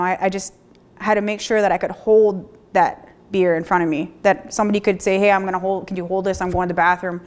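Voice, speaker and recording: A woman in her thirties telling her own story of recovery, speaking candidly with halting restarts and repeated phrases. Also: medium pitch. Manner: plainspoken, occasional mild swearing. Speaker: person sharing a recovery story. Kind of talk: personal testimony, candid and conversational.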